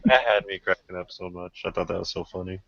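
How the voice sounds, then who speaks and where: A man's voice: sits low, steady tone, quick pace, gravelly. A young man hosting a casual podcast, rambling through stories with lots of fillers and frequent laughter. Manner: laughs often, rambling storyteller with many fillers. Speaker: podcast host. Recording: muffled lo-fi podcast audio.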